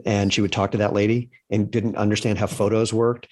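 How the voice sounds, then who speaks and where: A man's voice: on the low side, little pitch movement, brisk, darkish tone. A man hosting a podcast interview, curious and storytelling, with frequent restarts. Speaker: podcast host. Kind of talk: conversational interview.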